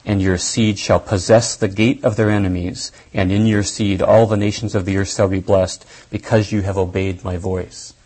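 A man giving a lecture on scripture, thinking aloud deliberately and stressing key points. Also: lowish voice, little pitch movement, a little mellow, husky, low-quality recording. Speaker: Bible teacher.

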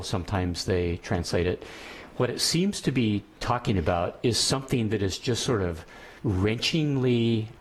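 A man's voice: sits low, a little hiss or hum. A man teaching a class, lecturing on ethics and thinking aloud as he goes, often restarting his sentences.

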